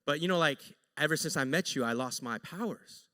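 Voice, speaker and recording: A preacher doing a rude barista warlock. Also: male voice, a little high, fairly quick, sharp tone, pitched below the performer's own voice. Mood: sheepish. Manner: dismissive, then sheepish and apologetic. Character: rude young male barista claiming to be a warlock.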